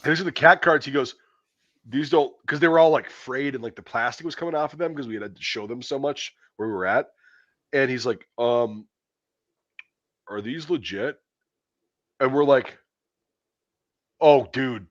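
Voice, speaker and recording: A man's voice: mid-range voice, normal speed, dry recording. A middle-aged man hosting a casual chat, a former infantry soldier telling war stories bluntly and with constant profanity. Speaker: podcast host. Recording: dull, lo-fi dry recording.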